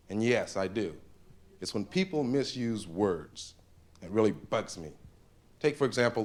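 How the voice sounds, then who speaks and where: A man's voice: on the low side, animated, unhurried. A man doing a stand-up comedy routine on a live stage, slipping into funny voices for the people in his jokes, from an old 1970s tape. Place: stage with a laughing audience.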